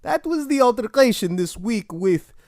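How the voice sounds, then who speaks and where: A host telling jokes in a put-on mock Russian accent with broken English and halting restarts. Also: medium pitch, expressive, a little mellow, dry recording, studio quality. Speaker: host of a weekly recap. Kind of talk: comedic joke-telling monologue.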